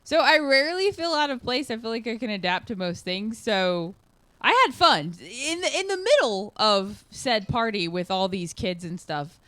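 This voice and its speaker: A podcast co-host, a woman with a slightly high voice, tells a story in casual conversation at a normal pace. Her delivery is animated, with the quotes acted out, and the recording is dry.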